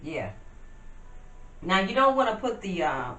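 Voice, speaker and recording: A woman's voice: medium pitch, sing-song, unhurried, bright, forceful tone. A woman, chatting casually to her viewers while she cooks at home. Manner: chatty, addresses viewers as y'all, talks while working. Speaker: vlogger cooking at home. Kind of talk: casual cooking demonstration. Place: home kitchen. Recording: roomy, distant, noisy home video.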